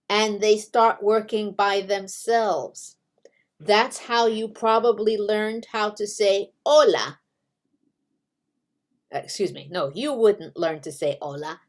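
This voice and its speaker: A woman teaching English pronunciation to learners, speaking patiently and spelling out each example word with care. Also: medium pitch. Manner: drawn-out, carefully spaced delivery with examples.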